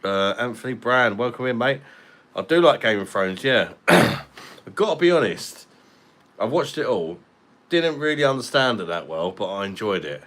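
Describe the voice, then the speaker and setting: A man's voice: mid-range voice, lively intonation, normal speed, fairly bright tone. A man, chatting casually on a live stream and answering viewers' comments. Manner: laid-back, chatty, reads out viewer comments.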